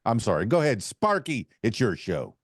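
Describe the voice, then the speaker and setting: A man's voice: on the low side, sing-song, moderate pace, dry recording, clean studio sound. A man chatting on a podcast who rambles, with many fillers and false starts. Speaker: podcast panelist. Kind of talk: casual chat.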